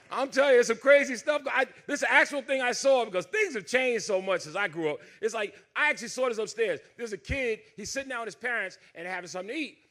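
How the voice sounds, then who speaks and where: A middle-aged man from the States, doing loud, animated stand-up comedy on a cruise ship stage into a handheld mic, laughing at his own jokes. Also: very high voice, brisk. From Southern United States.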